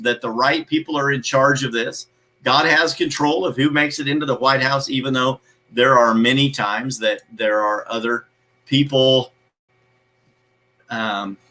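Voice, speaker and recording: A man's voice: medium pitch, pushed and bright, low-quality recording. A man hosting a live motivational show, talking emphatically in a preachy way, repeating his key phrases and greeting viewers by name.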